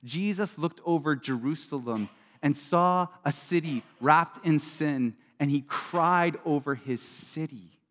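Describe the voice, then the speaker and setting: A middle-aged man preaching a sermon as a pastor, talking earnestly and conversationally, swinging between loud bursts and quiet drops. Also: on the high side, slow. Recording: long reverb of a large hall.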